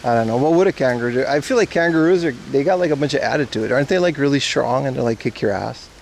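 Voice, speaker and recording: With a creaky, mid-range voice and a quick pace, a man from Aruba chats with his livestream viewers outdoors at a zoo park. The casual IRL stream is full of jokes and swearing, and a little hiss or hum can be heard.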